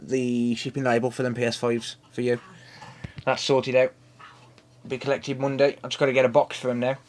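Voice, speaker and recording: A man's voice: mid-range voice, monotone, normal speed. A British man chatting casually as the host of a live stream at home, reading out and answering viewer comments and swearing freely.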